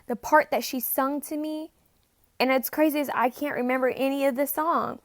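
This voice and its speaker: A woman talking at home in a casual confessional monologue about a message she feels she received. She speaks haltingly, repeats phrases and sometimes drops to a near-whisper. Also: high-pitched, steady tone, no echo. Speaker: self-described spirit medium.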